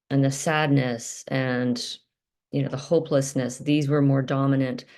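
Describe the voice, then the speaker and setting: A woman's voice: low-pitched, darkish tone. A woman talking earnestly to camera in a self-help video, stressing points by repeating words, with many fillers.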